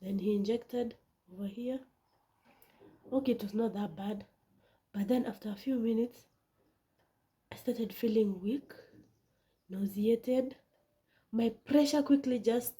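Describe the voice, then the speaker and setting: A woman tells a personal story to her viewers in a casual vlog. Her voice sits a little high but has a mellow, soft-edged tone. She talks dramatically and keeps sinking into hushed whispers. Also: takes it slowly, long pauses. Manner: animated, dramatic, drops into whispers. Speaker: vlogger.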